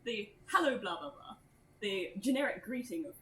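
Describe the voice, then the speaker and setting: A woman's voice: mid-range voice, normal speed. A woman in playful casual chat as a tabletop player. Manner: animated, playful. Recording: echoey room with faint noise.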